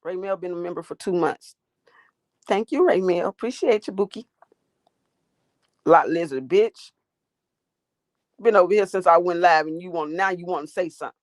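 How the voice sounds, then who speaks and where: A woman's voice: on the low side, moderate pace, long pauses, dry recording, studio quality. A woman hosting a livestream, ranting and talking back to her chat in a profane, confrontational way. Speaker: livestream host.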